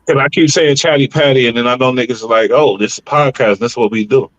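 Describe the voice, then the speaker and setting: A man's voice: medium pitch, fairly bright tone, no echo, lo-fi sound. A man co-hosting a podcast, cutting into a clip with blunt, mocking commentary. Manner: pauses a clip to jump in with blunt, mocking remarks. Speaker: podcast co-host.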